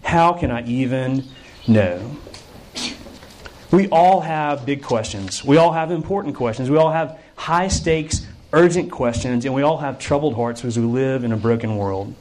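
A man preaching a sermon at a camp, an animated storyteller who shifts his pitch freely. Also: moderate pace, poor audio.

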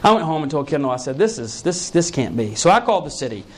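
A man's voice: on the high side, big pitch swings, quick pace. A young adult man preaching a sermon, telling a personal story earnestly and acting out the dialogue. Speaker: pastor.

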